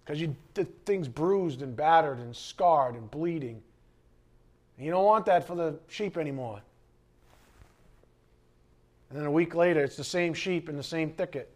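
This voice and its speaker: A man preaching a sermon as pastor, lively and conversational, asking the congregation questions. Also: a little high, measured pace, pauses often. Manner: animated preaching, acting out scripture quotes and asides.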